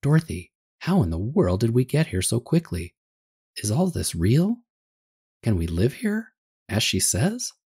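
A man doing a hoarse, shaky old farm wife. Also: extremely low pitch, sing-song, a little slow, warm tone, dry recording, studio quality, voice pushed up, full character voice. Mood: bewildered. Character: flustered elderly farm wife, shaky and amazed.

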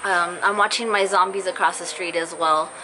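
With a lowish, steady voice at a moderate pace, a young woman sits in a car and chats earnestly with her viewers. Her vlog talk is casual and heartfelt, full of fillers and apologies, and her voice drops in and out after an illness. Background noise is present.

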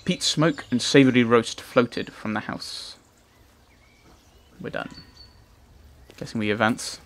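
A man's voice: medium pitch, slow, slight background noise. A man hosting a let's play, reading game narration aloud with playful, chatty asides.

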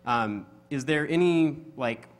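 A man with a mid-pitched voice steps up at a convention Q&A. He is polite and hesitant and starts his points with "um." He talks into the hall mic. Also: slow. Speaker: fan asking a question. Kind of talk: audience Q&A question. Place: convention panel room.

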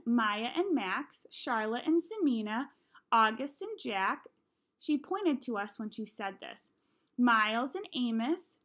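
A woman reading a children's novel aloud, with expressive storytelling and brief voices for the characters. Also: a little high.

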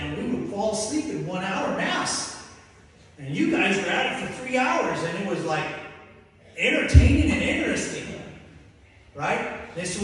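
Man, preacher, animated storytelling, high voice, booming hall reverb, heard from a distance. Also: moderate pace. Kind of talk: sermon testimony. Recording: echoey hall from far off.

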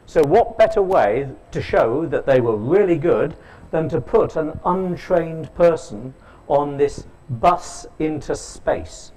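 A man's voice: a little high, lively intonation, unhurried, darkish tone, poor audio. A man giving a keynote lecture at a conference, telling stories, quizzing the audience and slipping in dry jokes. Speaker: keynote speaker. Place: conference hall.

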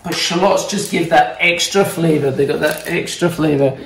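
A Scottish man with a slightly high voice talks through a home cooking demonstration in a playful, chatty manner, teasing his kids between steps. He sounds far from the mic in a very echoey kitchen. Pans and cutlery clatter clearly behind him. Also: normal speed, a bit bright, a little hiss or hum. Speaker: chef teaching home cooking.

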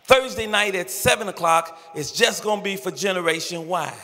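High, bright-voiced older pastor preaching. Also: male voice, normal speed, soft background music. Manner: impassioned, pleading preaching with rhythmic repetition and shouted peaks. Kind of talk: sermon. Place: large church sanctuary. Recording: echoey church hall with long reverb.

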